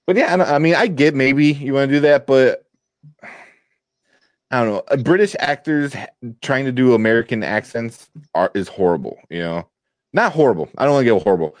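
A man talking casually into a desk microphone, loose and unfiltered, peppering his talk with swearing and quick laughs. His voice sits at an ordinary pitch and the recording is dry, with no room sound around it. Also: animated, no echo. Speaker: podcast co-host. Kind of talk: casual chat. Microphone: desk mic.

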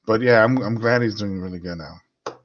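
A man's voice: lowish voice, normal speed, noisy background. A man in casual podcast chat, easygoing and joking as he goes along with his co-host. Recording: dull lo-fi sound.

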